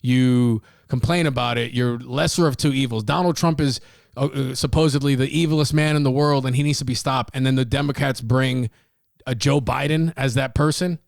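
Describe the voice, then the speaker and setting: A man's voice: mid-range voice, steady tone, normal speed, creaky, no room sound, studio quality. A man hosting a casual solo podcast, talking bluntly and profanely, rambling with restarts. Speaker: podcast host.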